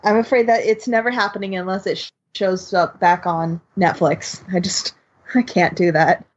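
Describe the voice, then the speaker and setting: A woman's voice: on the low side, fairly even intonation, moderate pace, husky, dull audio. A woman co-hosting a podcast, chatting casually in a self-deprecating way. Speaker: podcast co-host.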